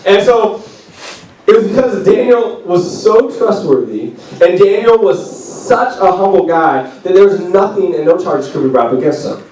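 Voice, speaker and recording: A man giving a casual youth sermon to junior high students, talking in a loose, playful storytelling way full of "like" and quick asides. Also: expressive, dark tone. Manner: chatty, filler-heavy, playful storytelling. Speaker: youth pastor. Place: youth group meeting room. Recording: echoey room from far off.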